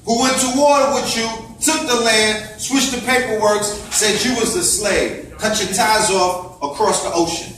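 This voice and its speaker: A man lecturing a gathering with fiery, preachy intensity, stacking up one rhetorical question after another. His voice sits high and sounds sharp and bright. It is caught from a distance in a very echoey room. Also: fairly even intonation, unhurried, hardly any pauses. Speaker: speaker addressing a gathering. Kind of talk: impassioned lecture. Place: indoor event space. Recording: echoey room, voice far from mic.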